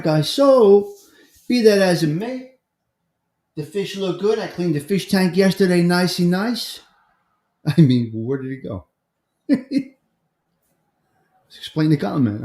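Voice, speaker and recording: A middle-aged man talks through a casual morning live stream, reading out comments and greeting viewers one by one. His voice is mellow and dark, and his talk wanders loosely from one topic to the next. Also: a little high, echoey room. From United States. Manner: chatty, greets viewers by name, drifts between topics. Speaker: livestream host.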